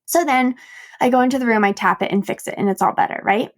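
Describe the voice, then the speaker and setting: Woman podcast host and coach, slightly high voice, casual storytelling with frequent laughs and self-mocking asides. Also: fast talker. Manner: animated retelling with quoted dialogue. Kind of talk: personal storytelling monologue.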